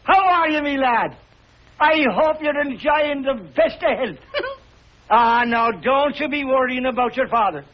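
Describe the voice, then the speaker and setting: An actor playing a lonely, warm-hearted older Irish tailor, with a husky voice and a lilting Irish brogue. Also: male voice, very high-pitched, lively intonation, a little slow, heavily acted. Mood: jubilant. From Ireland. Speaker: visiting cousin, a tailor. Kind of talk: 1950s TV sitcom acting. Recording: dull lo-fi 1950s TV audio.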